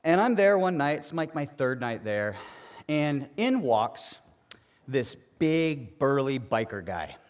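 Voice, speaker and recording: Animated veteran martial arts instructor, male. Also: medium pitch, slow pace. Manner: animated, plainspoken anecdotes. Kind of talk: storytelling talk at a retreat.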